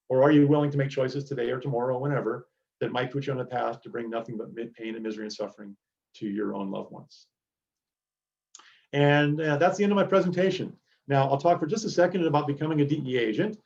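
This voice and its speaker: A man's voice: medium pitch, creaky, a little mellow, highs cut off. Earnest man lecturing over a video call. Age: middle-aged. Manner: earnest, direct, motivational. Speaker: DEA agent giving a student presentation. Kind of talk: virtual lecture to students.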